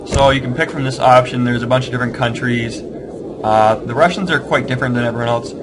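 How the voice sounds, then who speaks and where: Over background noise, a man talks briskly in a mid-range, fairly even voice. He's a tutorial host casually guiding viewers through a strategy game, meandering and second-guessing himself in a self-deprecating way.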